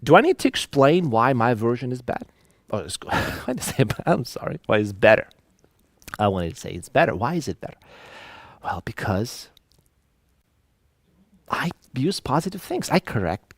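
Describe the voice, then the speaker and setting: Reading examples aloud and pausing for musing asides, a man delivers an animated online lecture. The recording is dry, and his voice falls in the mid-range.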